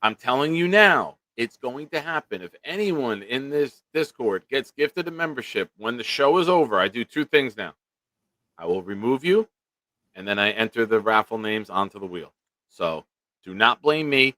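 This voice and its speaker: A man's voice: medium pitch, animated, normal speed, sharp tone, no room sound. A young man hosting a casual live-stream sports show, blunt and joking with his viewers. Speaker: show host.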